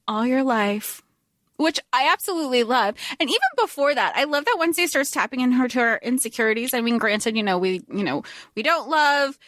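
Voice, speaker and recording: A woman's voice: high voice, expressive, fast talker, a bit bright, dry recording, studio quality. A young woman co-hosting a podcast, chatting casually about a film, laughing often and swearing freely. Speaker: podcast co-host. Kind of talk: casual chat.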